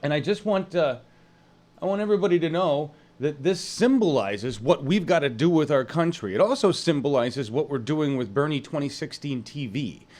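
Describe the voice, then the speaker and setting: Greeting viewers from the chat, a man hosts an online news stream in casual live talk, rambling and halting with plenty of fillers. His voice is on the high side, expressive and a little mellow.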